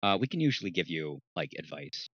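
Joking man with a bright lively voice. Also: deep voice, brisk, breathy edge, dry recording. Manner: joking, playful banter. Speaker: podcast co-host. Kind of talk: casual group chat. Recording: dull lo-fi sound.

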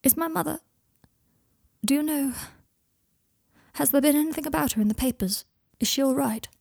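A woman's voice: high-pitched, normal speed, gravelly, darkish tone, no echo, clean studio sound, voice pushed up. A woman voicing an anxious, self-deprecating young man who swears under his breath, in a fan fiction reading. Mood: worried.

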